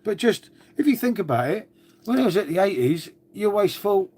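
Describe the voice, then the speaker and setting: High-pitched and expressive, a middle-aged man speaks briskly in a slightly rough, a little mellow voice. He chats easily with his live-stream viewers, calling them mate and thinking out loud as he tidies.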